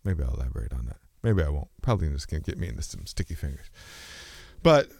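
A man with a very low, slightly rough voice muses in a casual philosophical monologue, quick and sing-song with vocal fry. Rambling and self-interrupting, he stops and restarts sentences and sometimes drifts between speech registers. The recording is close and dry with no room sound.

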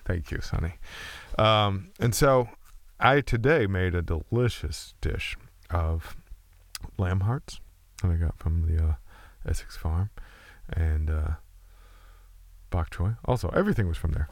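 Gravelly low-voiced man rambling casually. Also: no echo. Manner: loose, profane storytelling with restarts.

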